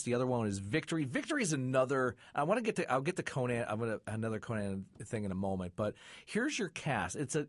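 A man hosting a casual chat, quick and jokey, often restarting his sentences. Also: medium pitch, no echo. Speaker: host.

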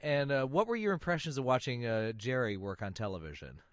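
A man's voice: medium pitch, expressive, brisk, dry recording, clean studio sound. A man from Michigan interviewing a guest, asking curious, chatty questions that ramble a little.

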